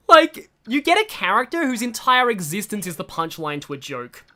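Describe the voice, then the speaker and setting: Young streamer rambling over gameplay, super bright voice, bouncy up-and-down delivery. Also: mid-range voice, big pitch swings, moderate pace. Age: young adult. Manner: rambling, chatty, self-interrupting. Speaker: gaming streamer. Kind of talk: casual gameplay commentary.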